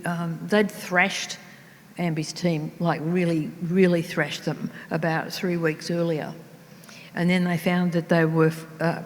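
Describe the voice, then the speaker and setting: An older Australian woman, an author, chatting on stage and telling anecdotes that trail into soft asides. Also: on the low side. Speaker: author guest. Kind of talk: casual on-stage conversation. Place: large town hall ballroom. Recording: long reverb of a large hall.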